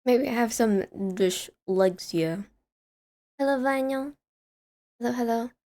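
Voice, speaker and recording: A woman's voice: on the high side, slow, dark tone. A young woman streaming live, chatting casually with viewers, rambling and laughing often as she greets chatters.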